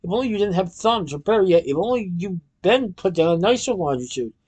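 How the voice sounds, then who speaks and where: A man voicing a whimsical, hopeful young male chocolatier who speaks softly and earnestly. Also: sits high, expressive, brisk, husky, voice pushed up.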